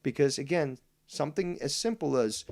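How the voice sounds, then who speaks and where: A man rants at his stream audience in a medium-pitched, fiery, profanity-laced voice. He stacks repetitions and drags out his key phrases slowly for weight, sounding righteous and unrelenting. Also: animated, gravelly, darkish tone. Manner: indignant, swears heavily, repeats for emphasis; slows down to stress key lines. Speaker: livestream host reading viewer comments. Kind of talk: profane ranting monologue.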